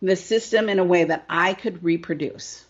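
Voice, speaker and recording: A woman's voice: lowish voice, normal speed, muffled recording. A middle-aged woman business coach telling her story in an interview, emphatic and repetitive, often asking "right?".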